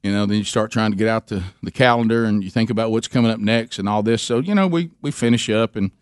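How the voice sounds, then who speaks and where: A man's voice: fast talker, clear, resonant tone, dry recording, studio quality. A middle-aged man, hosting a talk radio show and telling a rambling family story. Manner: rambling, animated, jumps into high voices for quoted people.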